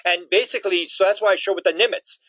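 Fast, high-voiced animated male guest. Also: no echo, low-quality recording. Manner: emphatic, acts out quotes in voices. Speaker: interview guest, researcher. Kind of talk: animated storytelling in an interview.

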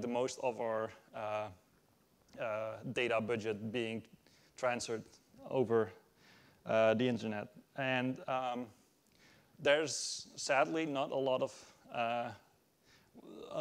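A man presenting a technical conference talk from a stage, halting and full of fillers as he explains. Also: medium pitch, vocal fry. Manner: halting, many fillers and restarts. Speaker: conference speaker.

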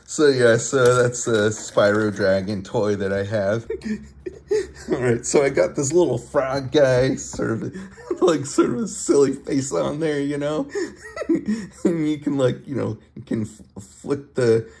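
Man, giggly, halting show-and-tell, slow delivery, lively up-and-down pitch. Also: slight background noise. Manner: giggly, laughs often between phrases; halting, with many fillers and restarts. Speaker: vlogger showing his toy collection. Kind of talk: casual show-and-tell video.

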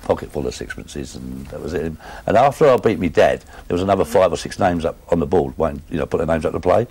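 Man, Cockney accent, low voice, husky, rambling anecdotes. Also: expressive, quick pace, a little mellow. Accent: London Cockney. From England. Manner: rambling, "you know what I mean" tags. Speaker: former darts player telling stories. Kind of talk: casual anecdotal chat.

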